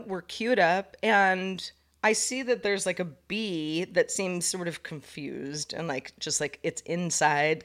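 A woman co-hosting a casual podcast chat, telling stories and acting out the lines she quotes. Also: fairly low pitch. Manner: animated storyteller, acts out quotes. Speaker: podcast co-host.

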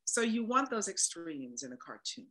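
A woman's voice: lowish voice, big pitch swings, moderate pace, pushed and bright, poor audio. A woman, a voice actor and producer, talking animatedly and with emphasis as a guest in a casual interview.

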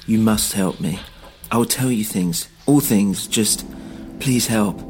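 A man voicing a frightened, beaten German man with a thick German accent, pleading in halting, urgent phrases. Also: fairly low pitch, background noise. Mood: pleading, fearful.

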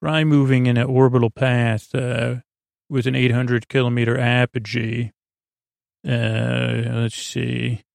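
A man with a gravelly, creaky voice loosely recaps a story in casual chat, stumbling and filling pauses as he goes. His delivery stays flat and even, recorded close on a dry mic. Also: mid-range voice, no room sound. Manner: loose, halting, many fillers, quotes characters in plain voice. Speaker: podcast host recapping an episode.

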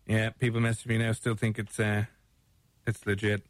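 A man's voice: lowish voice, monotone, moderate pace, no echo. A man with an Irish accent co-hosting a radio show, teasing and chatty with fillers. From Ireland. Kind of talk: casual radio chat.

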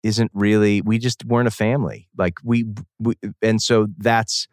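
Low-voiced man telling stories. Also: moderate pace, no room sound, studio quality. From New England, outside Boston. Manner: rambling, animated storytelling with laughs and self-corrections. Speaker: guest musician. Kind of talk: casual interview talk.

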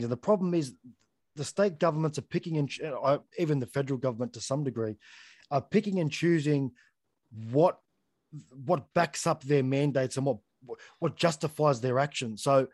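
A man's voice: mid-range voice, darkish tone, no room sound. A man hosting an interview, talking bluntly and conversationally and often saying "mate". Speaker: podcast host. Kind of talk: casual interview chat.

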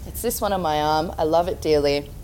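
A woman's voice: low-pitched, fairly quick, a little mellow. An Australian woman co-hosting a casual podcast, upbeat and teasing. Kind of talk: casual chat.

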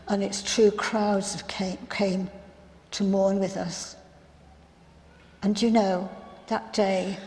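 Woman as a reflective biblical sister, unhurried monologue, mid-pitched, big reverberant hall. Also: a little mellow, lightly acted. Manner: earnest, reflective, halting storyteller. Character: grieving biblical sister of a raised man, earnest and reflective. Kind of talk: first-person dramatic monologue.

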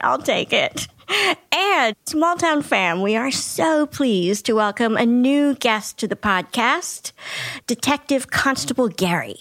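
Podcast host lady, bubbly and chatty, bit high voice, dry close mic. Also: animated, slow, fairly bright tone, dry recording. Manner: bubbly and welcoming, playful asides. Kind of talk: casual podcast chat.

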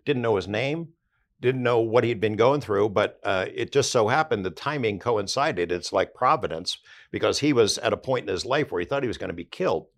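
A man's voice: on the low side, lively intonation, a little fast. An older man, an investigative journalist, recounting past events conversationally in a podcast interview.

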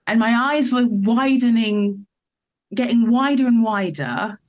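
A woman's voice: fairly high pitch, unhurried, a little mellow. A woman from the countryside, a musician telling a story as a guest in a casual interview, rambling and laughing as she goes. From England.

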